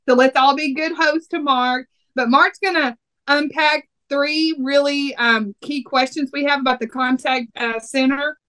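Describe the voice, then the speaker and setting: A woman's voice: sits high, steady tone, unhurried, a bit bright. A woman with a Texas accent hosting a podcast, chatting in a playful, teasing way. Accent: Texan. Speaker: podcast host. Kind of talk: casual podcast chat.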